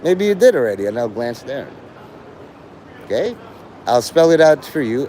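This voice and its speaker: Animated man lecturing a livestream chat. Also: medium pitch, normal speed, pauses often, a little hiss or hum. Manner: lecturing, taunting, mock-teacherly.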